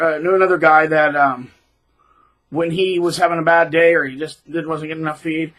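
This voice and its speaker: A man talks straight through a rambling commentary, dropping sarcastic asides. His voice is husky and sits a little high for a man. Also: a bit bright, poor audio. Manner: rambling, sarcastic, with many fillers and restarts. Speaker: channel host. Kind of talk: ranting monologue commentary.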